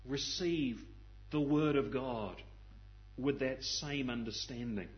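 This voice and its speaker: A man's voice: medium pitch, slow, dull audio. A man preaching a sermon in an earnest, questioning manner, often repeating phrases as he searches for words. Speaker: pastor.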